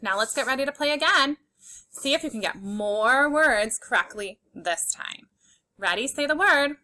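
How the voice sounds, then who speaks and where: A woman with a high-sitting, expressive voice and a sharp tone teaches young children a phonics reading lesson. She speaks slowly, clearly and encouragingly, sounding out letters one at a time and cheering the kids on.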